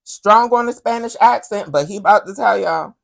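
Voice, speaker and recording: Sassy and animated, this woman runs a current-events commentary podcast, speaking at a moderate pace in a creaky, mid-range voice. "Honey" is her constant term for the listener.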